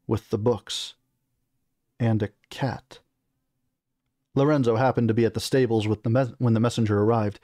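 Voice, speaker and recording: A man reading a fantasy novel aloud, steady, with occasional slips he corrects. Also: on the low side, no room sound, clean studio sound. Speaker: reader.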